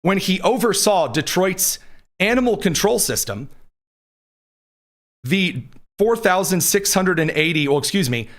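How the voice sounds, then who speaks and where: Man, political commentary host, combative, sarcastic, reads quotes aloud, somewhat high voice, studio mic. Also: very animated, measured pace, long pauses, a bit bright. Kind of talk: live-streamed political commentary.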